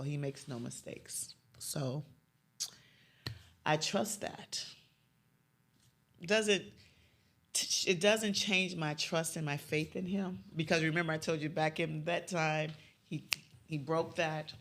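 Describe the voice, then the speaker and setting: A woman's voice: low voice, steady tone, slow, long pauses. A middle-aged woman from Chicago's West Side, a youth mentor, telling a personal story of faith and loss, dropping to a near whisper when moved. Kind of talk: emotional personal interview.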